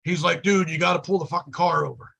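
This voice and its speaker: A man's voice: fairly high pitch, quick pace, creaky, sharp tone, slightly rough. A man telling a profane story in casual chat, acting out the quoted lines as he goes. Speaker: podcast guest.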